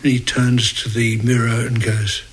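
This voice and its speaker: A man's voice: medium pitch, little pitch movement, moderate pace. Man chatting about movies. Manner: chatty, laughs at his own anecdotes. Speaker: podcast co-host. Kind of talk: casual movie chat.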